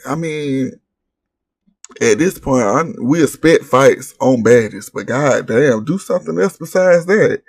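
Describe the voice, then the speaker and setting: A man with a husky, slightly breathy voice hosts a casual recap vlog. He talks in a brash, blunt way, full of profanity and mockery. The sound is dry and close, with no room around it. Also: mid-range voice, lively intonation, unhurried, no room sound. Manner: brash, blunt, profane trash-talk with laughs. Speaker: reality TV recap host.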